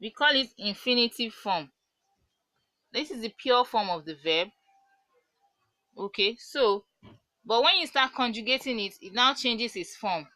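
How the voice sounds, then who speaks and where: Bright-voiced woman teaching French. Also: on the high side, lively intonation, dry recording, rough recording. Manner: patient, repeats words slowly for pronunciation. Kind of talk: online language lesson.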